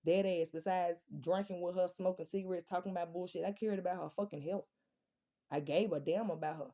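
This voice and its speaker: A woman's voice: on the low side, steady tone, fairly quick, dark tone. A woman, talking straight to her viewers in a casual monologue, blunt and profane, firing off rhetorical questions. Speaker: vlogger.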